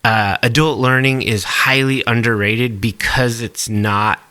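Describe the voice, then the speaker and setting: A man's voice: mid-range voice, fairly even intonation, measured pace, sharp tone, no room sound. A man co-hosting a podcast in casual chat, talking at length and explaining things. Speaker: podcast co-host.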